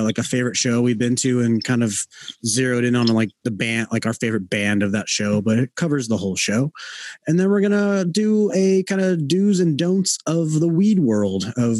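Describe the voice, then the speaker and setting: A man's voice: medium pitch, darkish tone, no room sound. A man hosting a casual podcast, rambling along with lots of fillers and restarts. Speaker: podcast host.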